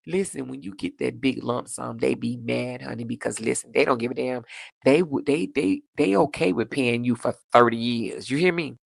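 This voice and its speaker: A woman hosting a casual livestream, reading viewer comments aloud in a sassy, animated way, laughing often and jumping up in pitch for emphasis. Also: moderate pace, vocal fry, no echo, studio quality. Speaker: livestream host.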